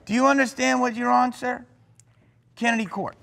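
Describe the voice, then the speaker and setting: A man's voice: extremely high pitch, fairly even intonation, normal speed, vocal fry, a bit bright, slight background noise. A man acting as a mock judge on a prank show, stern in a joking way and repeating his rulings over and over. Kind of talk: improvised prank comedy.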